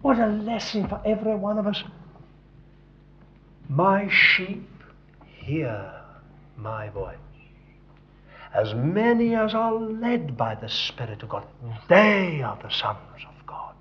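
A man preaching a sermon, dropping to hushed tones and rising to loud emphasis. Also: high-pitched, very animated, slow, pauses often, a little hiss or hum. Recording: dull lo-fi recording.

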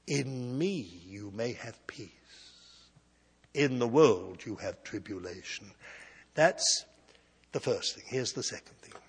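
A man delivers a sermon as a slow, unhurried story, his husky voice rising and falling in pitch. He swings from loud declarations to near-quiet asides. A long hall reverb trails every phrase. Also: lively intonation. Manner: storytelling, slow and emphatic with big swings in loudness. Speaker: preacher.

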